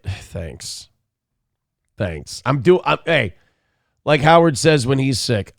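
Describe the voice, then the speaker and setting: Cranky, gravelly morning show host. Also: male voice, on the high side, big pitch swings, slow pace, no echo, studio quality. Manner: crude, cranky, mocking impressions. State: sick. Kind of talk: profane live-stream commentary.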